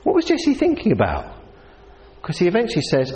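A man preaching a sermon into a handheld mic, telling stories in a lively way and acting out the people in them. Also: high-pitched, a little fast. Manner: lively storytelling with voiced characters. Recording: long hall reverb, faint ambience.

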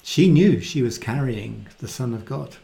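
A man giving a casual, animated Bible talk and often acting out the quoted voices in it. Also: mid-range voice, a little slow, gravelly. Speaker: Bible teacher. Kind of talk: conversational Bible teaching.

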